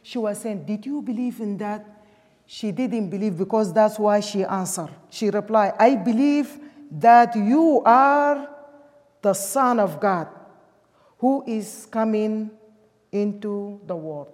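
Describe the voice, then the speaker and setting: Slow-preaching woman, echoing hall. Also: medium pitch, a little mellow. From Sudan. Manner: emphatic, with non-native English grammar. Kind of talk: sermon. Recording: long hall reverb.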